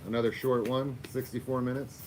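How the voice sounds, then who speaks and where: This livestream host from Florida wraps up his stream with loose chat aimed at viewers and his dog, cursing occasionally. He has a mid-range voice with a flat, brisk delivery, and there's slight background noise.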